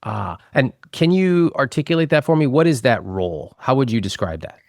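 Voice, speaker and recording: A man hosting a personal finance interview, asking calm, probing questions of a couple. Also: medium pitch, normal speed, creaky, dry recording, clean studio sound. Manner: calm, probing questions, quotes others' words back. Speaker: host, financial advisor.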